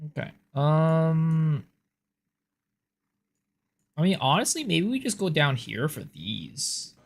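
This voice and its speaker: A man's voice: fairly high pitch, sing-song, takes it slowly, vocal fry. A man streaming a game, casually commenting, joking and answering his viewers as he plays.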